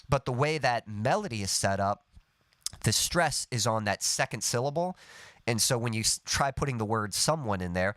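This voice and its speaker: A man's voice: lowish voice, animated, a little fast, fairly bright tone, no echo. A man teaching songwriting on a live stream, explaining patiently and humming short melody snippets to show his points. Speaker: songwriting coach.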